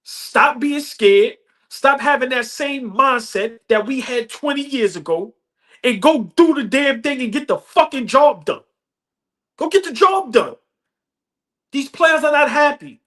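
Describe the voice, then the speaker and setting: A man's voice: very high voice, a bit bright. A man hosting a sports podcast, delivering a passionate, emphatic fan rant in profane, slangy street talk, often repeating lines for effect. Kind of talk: fan rant about basketball.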